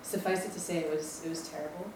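A young campus ministry staffer from Maui, Hawaii, gives a rambling, self-deprecating personal testimony in a lecture room. Her lower voice is steady and quick, and she's chatty with many ums. The mic sits far off in an echoey room with background noise.

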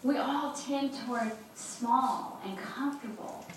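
An older woman from Texas with a Texas accent, preaching a lively, conversational sermon with laughs and asides as a former campus chaplain. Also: high-pitched, takes it slowly. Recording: echoey hall from a distance, faint noise.

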